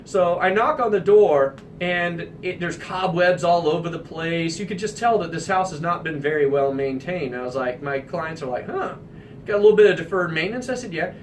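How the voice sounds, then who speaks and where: A man from the American Midwest hosting a radio talk show, telling an anecdote in an animated, emphatic way. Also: fairly high pitch, moderate pace, few pauses, distant mic, slight background noise. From Midwestern United States.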